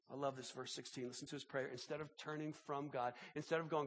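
A man preaching a sermon as pastor, impassioned and halting, often repeating words as he builds. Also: mid-range voice, fairly even intonation, breathy edge.

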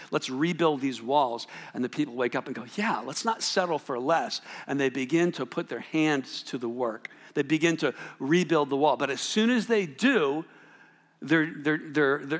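A man's voice: fairly high pitch, fairly bright tone, big-room sound. A man preaching a sermon, reading scripture and telling a personal story in a conversational way, often checking in with the listeners. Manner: conversational storytelling, frequent "right?" asides and restarts. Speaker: pastor.

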